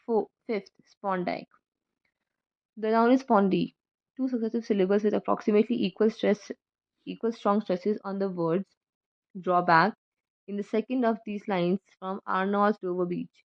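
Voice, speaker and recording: A woman's voice: medium pitch, steady tone, normal speed. A woman reading a poetry textbook aloud with care, correcting herself now and then. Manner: careful reading with self-corrections. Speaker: student reader. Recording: dull lo-fi recording.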